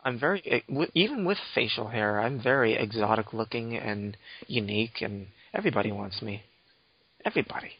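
A man's voice: fairly low pitch, fairly quick, breathy edge. A young man hosting a podcast, chatting casually in a teasing, mock-offended, rambling way. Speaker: podcast host. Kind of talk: casual banter. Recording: dull lo-fi dry audio.

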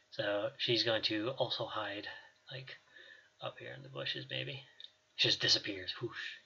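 A man runs a tabletop game as game master, narrating in a loose, rambling way with plenty of fillers. His voice is bright and sharp at a medium pitch. The recording sounds slightly dull and lo-fi. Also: gravelly, breathy edge. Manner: casual, rambling with fillers and laughs.

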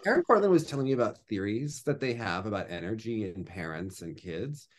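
A man hosts a podcast and teases his guest in good fun. His pitch swings widely as he talks. The tone stays casual and playful. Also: lively intonation, fairly quick. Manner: playful, teasing. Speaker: podcast host. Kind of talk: podcast discussion.

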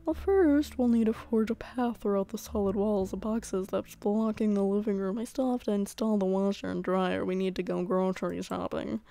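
Woman reading a corny, gentle single dad. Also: mid-range voice, steady tone, normal speed, vocal fry, few pauses, no room sound, lightly acted. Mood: fussy.

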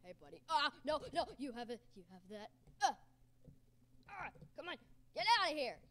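A woman hosting a gaming channel, giving excited gameplay commentary and yelling, raging and cheering at the game. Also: sits high, normal speed.

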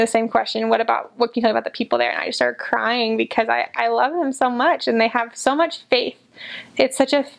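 A woman's voice: fairly high pitch, vocal fry. A young woman, a returned missionary, talking earnestly and gushingly about people she grew fond of, often repeating herself. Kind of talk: casual personal reflection.

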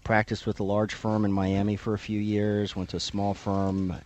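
A middle-aged man from South Florida, an attorney guest on a radio interview, explaining things in a measured way with frequent uhs. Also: on the low side, monotone, darkish tone, muffled recording. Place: radio studio.

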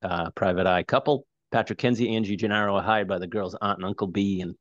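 A man's voice: lowish voice, steady tone, fast, dull audio. A man hosting a movie podcast, chatting casually and recapping the plot with many fillers and restarts. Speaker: podcast host.

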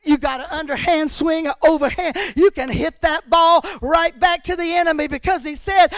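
Woman pastor preaching, very high bright voice, dry close sound. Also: fairly even intonation, moderate pace, hardly any pauses, dry recording. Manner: impassioned preaching, often shouting, swings between loud and hushed. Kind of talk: sermon.

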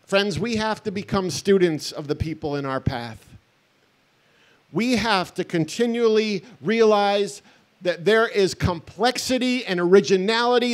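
A middle-aged male pastor speaks at a festival in a fairly high voice. He tells stories in an earnest, conversational way and drops in wry asides. His delivery moves between warm sincerity and quick humor. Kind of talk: festival talk, sermon-like.

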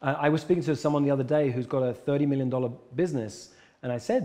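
Man, coach being interviewed, mellow, earnest, emphatic. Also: medium pitch, fast. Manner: emphatic, earnest, repeats key points. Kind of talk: conversational interview.

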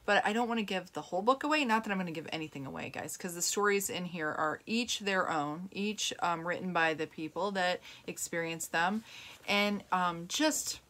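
A woman's voice: lowish voice, normal speed, a bit bright. Earnest, rambling middle-aged woman host. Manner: earnest and rambling, with many fillers and restarts. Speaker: host of a plant-based health channel. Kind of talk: casual talk to camera and podcast listeners.

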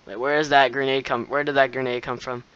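A young man giving live gameplay commentary, excitable, laughing often and shouting at the players who beat him. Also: mid-range voice, fast, clear, resonant tone, highs cut off.

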